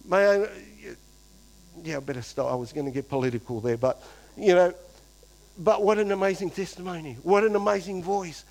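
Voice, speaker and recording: A pastor preaching a lively sermon to his church, acting out quoted voices and swinging between loud and hushed. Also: sits high, normal speed, low-quality recording.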